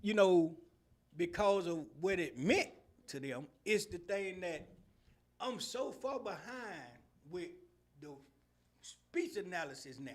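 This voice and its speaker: Middle-aged male podcast host, high voice, laughs through his stories, loud and animated. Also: takes it slowly. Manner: laughs often while telling stories; Southern slang, animated and loud. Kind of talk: casual storytelling chat.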